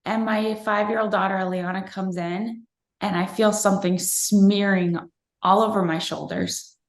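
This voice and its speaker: A woman's voice: mid-range voice, steady tone, normal speed. A woman in her thirties, interviewed, earnestly and reflectively telling a personal story from her own family life. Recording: roomy echo.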